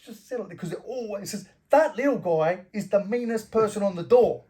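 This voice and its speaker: With a high-pitched, warm voice at normal speed, a middle-aged Australian ex-fighter and bouncer tells casual door stories in an interview. He swears freely and acts out the disputes in his anecdotes.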